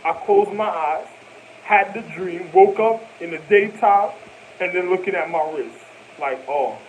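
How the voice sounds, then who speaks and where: A young man with a fairly high voice tells a long story in an animated, rambling way. He drops frequent street slang and profanity and keeps repeating himself. A faint hiss runs underneath the talk. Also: a little slow, rough recording. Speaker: vlogger.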